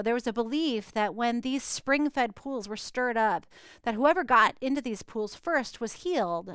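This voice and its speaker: A middle-aged woman preaching a sermon, with dramatic pauses and quiet, hushed stretches for emphasis. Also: on the high side, smooth, no echo. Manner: dramatic pauses, drops to a near whisper for emphasis. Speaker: pastor.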